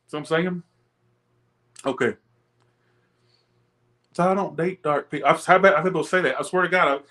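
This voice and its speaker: A man's voice: fairly high pitch, moderate pace, long pauses, fairly bright tone. Profane, ranting male tarot reader. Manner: chats with viewers, laughs often. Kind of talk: live-stream tarot reading.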